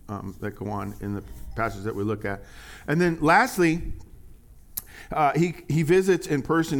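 Animated, conversational male preacher. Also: medium pitch. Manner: conversational and animated, with acted-out quotes and laughs. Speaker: pastor. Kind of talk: sermon.

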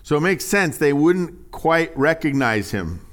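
A man preaching a sermon in a conversational, animated way, reading scripture aloud with rising emphasis. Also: on the high side, unhurried. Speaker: pastor.

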